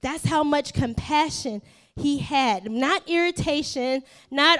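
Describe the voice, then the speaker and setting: Woman pastor with a high voice, funny and animated sermon, keeps repeating lines for punch. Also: slow pace. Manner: animated and humorous, repeats phrases for emphasis; acts out voices of people in the story.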